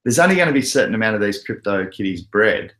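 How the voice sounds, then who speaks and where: Chatty Australian man, low voice. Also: big pitch swings, fast talker, a bit bright. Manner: chatty, laughs often, talks to viewers by name. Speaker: crypto livestream host. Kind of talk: casual live chat reading comments.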